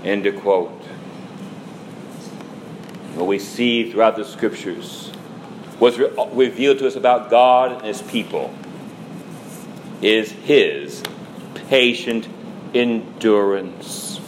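A man preaching a sermon in a slow, measured delivery, as a priest addressing his congregation. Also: on the low side, slight background noise, low-quality recording. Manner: slow, measured preaching with dramatic quoted lines.

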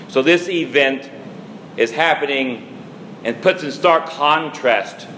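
A man preaches a sermon as a priest in a slow, measured cadence. His pitch sits in an ordinary middle range. A faint hum of room ambience lingers behind his voice. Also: fairly bright tone, poor audio. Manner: slow, measured preaching with dramatic quoted lines.

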